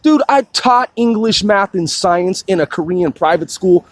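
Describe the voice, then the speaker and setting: A man's voice: sits high, lively intonation, unhurried, no room sound. A man ranting in a profane, combative and boastful monologue, peppering his speech with "dude". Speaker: crowdfunding campaigner.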